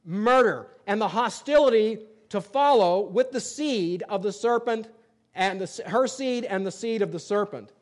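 A man preaches a sermon from a church pulpit, his voice sitting notably high for a man. He works through scripture verse by verse and reads passages aloud. Between readings he drives his points home with blunt, emphatic everyday examples. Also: normal speed, a little mellow. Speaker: pastor.

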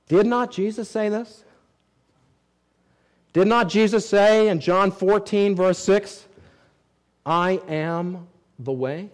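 A man preaching a sermon, reading scripture aloud and swinging between emphatic rises and low, quiet drops. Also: poor audio. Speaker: pastor.

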